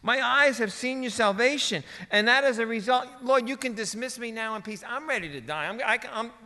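A man's voice: high voice, sing-song, unhurried, sharp tone, long reverb tail, full character voice. A preacher voicing an ecstatic old man who exclaims with joy that he is ready to die in peace. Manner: exclaiming, joyful.

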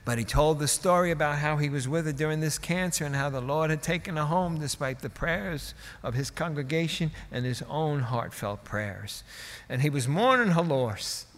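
A man's voice: on the high side, moderate pace. Male preacher telling a story, laid back and folksy, long echo like a big church. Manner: conversational, folksy storytelling with asides. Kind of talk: sermon storytelling.

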